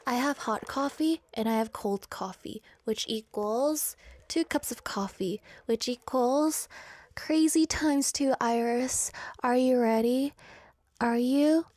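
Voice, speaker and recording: A woman's voice: a little high, takes it slowly, a little mellow, dry recording. A woman hosting a radio show in a studio, chatting casually in a bubbly, rambling, playful way. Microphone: studio microphone.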